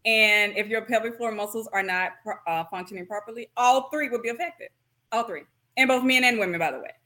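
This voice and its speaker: A woman's voice: a little high, brisk, bright, forceful tone. A woman in her thirties, a pelvic floor physical therapist, chatting casually in an interview and laughing at herself often.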